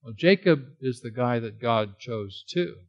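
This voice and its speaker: A man teaching a Bible study sermon, animated and asking the listeners questions as he stresses key words. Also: medium pitch, a little slow, highs cut off. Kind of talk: expository sermon.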